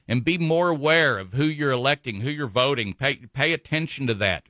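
A man hosting a talk radio show, his voice bright and pushing forward. He rambles through announcements with plenty of ums and restarts. The studio sound is close and dry. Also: fairly high pitch, expressive, normal speed, hardly any pauses, no echo. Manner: rambling, full of fillers and self-corrections. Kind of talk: local talk radio monologue.

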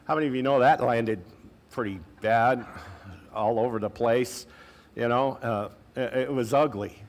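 A male pastor preaching a sermon in a conversational way, with casual asides and slang, slowing down to stress key phrases. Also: medium pitch.

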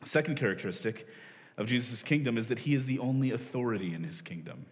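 A chatty pastor in a reverberant hall. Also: male voice, mid-range voice, animated, quick pace. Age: 40s. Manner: conversational, self-deprecating, with frequent laughs and restarts. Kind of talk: sermon. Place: church hall. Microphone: stage microphone. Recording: long reverb of a large hall.

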